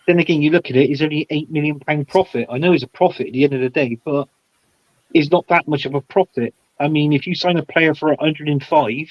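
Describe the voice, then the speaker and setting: A man's voice: a little high, no echo, dull audio. A man guesting on a casual football chat show, giving blunt, heated opinions with lots of stumbling restarts. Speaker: podcast guest.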